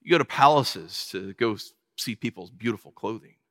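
A man preaching a sermon in a lively, conversational way, acting out the people he talks about. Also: fairly low pitch, moderate pace, long reverb tail. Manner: animated, conversational preaching with acted-out quotes. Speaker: pastor.

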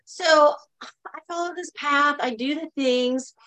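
Middle-aged woman, kinda high voice, telling her story straight to people watching online. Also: slow pace, fairly bright tone, poor audio. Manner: earnest storytelling, asks the audience to type in the chat. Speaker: guest speaker. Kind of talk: personal story told in a live online talk.

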